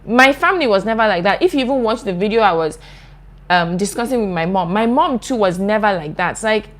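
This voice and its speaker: A woman's voice: medium pitch, lively intonation, fairly quick. Earnest young woman vlogger. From Nigeria. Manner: earnest, impassioned, chatty with frequent "like". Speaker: YouTuber host. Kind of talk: live video reading viewer comments.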